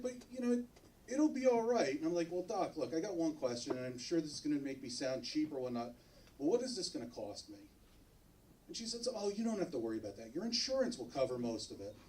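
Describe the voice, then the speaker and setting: A man's voice: on the high side, recorded from a distance, a little hiss or hum, poor audio. A man doing a stand-up comedy set on a club stage, acting out the other people in his jokes. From New Jersey, US. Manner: animated, acts out other characters in his jokes.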